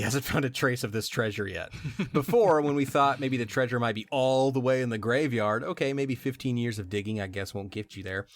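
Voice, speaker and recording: A man's voice: mid-range voice, no echo. A man co-hosting a podcast, recapping a video game story in a joking, self-deprecating way and laughing between lines. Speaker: podcast co-host.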